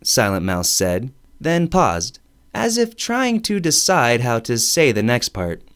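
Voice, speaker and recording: A man narrating a first-person audiobook story in an expressive, wry storytelling manner. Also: medium pitch, slow, clean tone.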